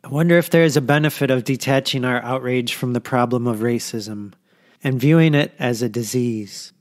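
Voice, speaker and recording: A man hosting a podcast and reading a scripted narration in a measured, solemn way. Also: medium pitch. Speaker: podcast host.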